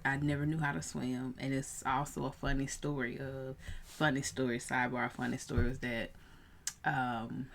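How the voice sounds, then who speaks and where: A woman in her thirties, a coach, telling a personal story in a casual vlog, animated and prone to rising in excited bursts. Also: a bass voice, a little hiss or hum. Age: 30s.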